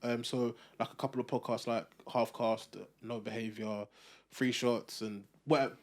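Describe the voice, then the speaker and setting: Young male co-host, reflective, meandering, middle pitch. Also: steady tone, moderate pace. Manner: reflective, chatty, with many fillers. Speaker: podcast co-host. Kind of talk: casual chat.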